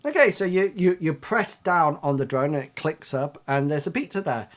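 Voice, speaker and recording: A man running a tabletop game as game master, narrating haltingly with many restarts. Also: fairly high pitch, lively intonation. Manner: halting, full of restarts and ums.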